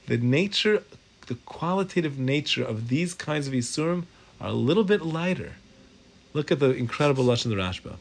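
A man teaching a class on Jewish law, lively and informal, mixing English with Hebrew and Aramaic terms and acting out little voices for his examples. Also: fairly high pitch. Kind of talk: animated Torah class lecture.

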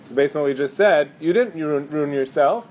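Man, slightly high voice, casual Torah class, conversational, faint rumbling noise. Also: normal speed, darkish tone. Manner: conversational, thinks aloud with fillers and restarts. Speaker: rabbi teaching halacha.

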